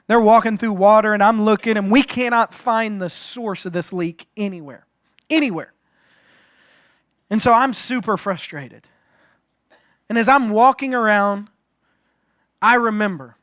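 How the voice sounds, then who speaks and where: Pastor guy with a high voice, joking around in his sermon, lots of restarts, dry sound. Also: unhurried, pauses often, no room sound. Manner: animated, joking, frequent restarts. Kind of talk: sermon storytelling.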